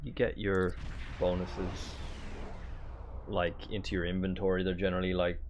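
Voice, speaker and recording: A man streaming a game, chatting casually in a relaxed, halting way with many fillers. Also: low-pitched, a little hiss or hum. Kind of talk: casual gameplay chat.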